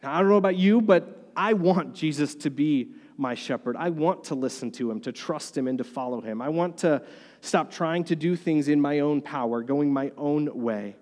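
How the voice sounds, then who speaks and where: A male pastor delivers an earnest, conversational sermon in a slightly high voice. The sound trails off in a long hall reverb. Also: moderate pace, darkish tone.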